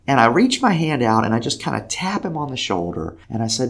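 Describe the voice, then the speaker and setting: A man telling a faith story in a lively conversational way, acting out the voices of the people in it. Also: medium pitch, brisk, slightly rough. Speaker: podcast guest telling a story. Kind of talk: animated storytelling.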